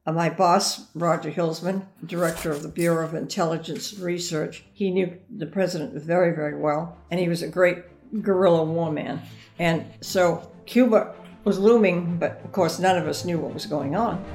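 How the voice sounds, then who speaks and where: A woman's voice: on the low side, steady tone, normal speed, a little mellow, soft background music. An older woman, a guest in an interview, telling rambling anecdotes from her past. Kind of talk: reminiscing conversation.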